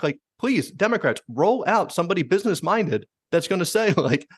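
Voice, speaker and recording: A man hosting a podcast, chatting casually and bluntly about politics, swearing freely and mimicking politicians in quick asides. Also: sits high, sing-song, breathy edge, no echo, studio quality. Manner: fast, swearing, mimics politicians in quoted voices. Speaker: podcast host.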